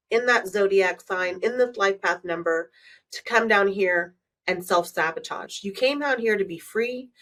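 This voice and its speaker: A woman's voice: mid-range voice, a bit bright. Blunt woman podcast coach, distant mic. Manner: frank, blunt, swears freely. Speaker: manifestation coach, podcast host. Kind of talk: solo podcast monologue.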